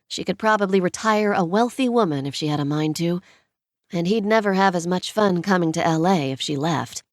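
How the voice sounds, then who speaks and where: Brief: audiobook narrator, woman, low pitch, steady scripted reading. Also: fairly quick, no room sound, studio quality.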